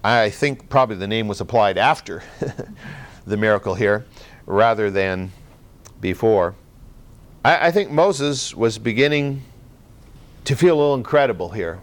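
A man's voice: fairly low pitch, expressive, unhurried, long pauses. A man preaching a sermon in a conversational teaching style, reading scripture aloud and driving points home with rhythmic repetition.

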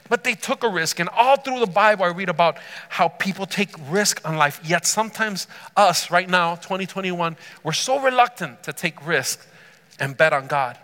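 A man preaching with a high, bright and forceful voice. He tells the story with animated energy and keeps asking the congregation questions, and his words ring out with a long hall reverb. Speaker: pastor. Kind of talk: sermon.

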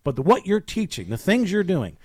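In a relaxed podcast conversation, this co-host recounts a behind-the-scenes tale with lively, acted-out quotes. He speaks briskly in a husky voice that sits high, and the studio sound is clean and dry.

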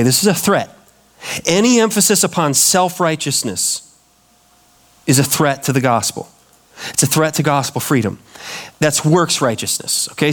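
Man, pastor, sermon, emphatic, repeats for effect, fairly high voice. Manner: emphatic preaching with repetition; speaks to the congregation with questions.

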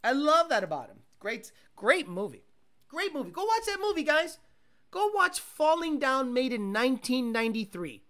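Bright-voiced man ranting casually. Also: very high voice, moderate pace. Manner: profane, rambling, animated storytelling. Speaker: livestream host. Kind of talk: casual chat.

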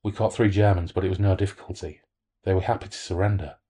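A man reading the lines of an old male French villager who calmly recalls a long-past battle. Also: sits low, fast talker, breathy edge. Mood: reminiscing.

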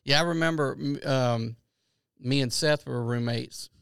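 A man's voice: mid-range voice, unhurried, creaky, a bit bright, smooth, no echo, clean studio sound. A middle-aged man on a casual podcast, swearing freely and acting out voices as he tells crude anecdotes. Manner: profane storyteller, acts out voices in anecdotes. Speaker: podcast co-host.

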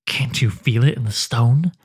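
A man's voice: mid-range voice, moderate pace, darkish tone, slightly rough. A man voicing a sinister hooded cave creature that taunts and tempts in a hissing whisper.

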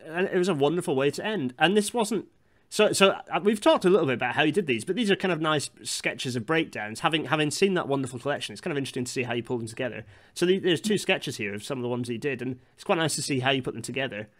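A man hosting an interview, asking questions in a halting way with many restarts and encouraging the guest. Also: a little high, lively intonation, fairly bright tone. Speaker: host. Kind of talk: casual interview.

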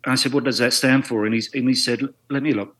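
A man's voice: mid-range voice, steady tone, fast, fairly bright tone. A British man, a guest actor, chatting casually in a podcast interview and telling dry, self-deprecating stories. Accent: British English. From Britain.

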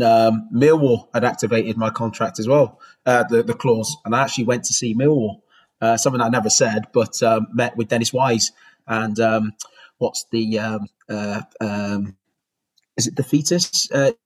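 Man, 40s, Bristol accent, husky, rambling, restarts a lot, casual interview. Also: medium pitch, rough recording. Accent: Bristol English. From Bristol, England. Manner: rambling, many restarts and fillers. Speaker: former goalkeeper, guest.

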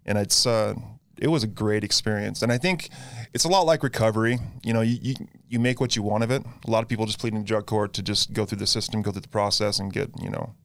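Talking earnestly about his recovery in a casual chat, this young guest keeps stopping and restarting his sentences. He has a fairly low voice with fairly even intonation, recorded with no room sound.

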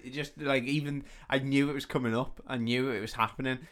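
A man's voice: medium pitch, fairly even intonation, a little fast, fairly bright tone. Jokey man chiming in. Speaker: podcast co-host. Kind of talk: casual film review chat.

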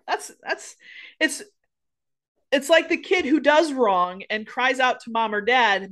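A woman's voice: sits high, takes it slowly, fairly bright tone. Earnest woman podcast co-host. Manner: earnest, encouraging, rambling with restarts. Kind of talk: casual faith chat.

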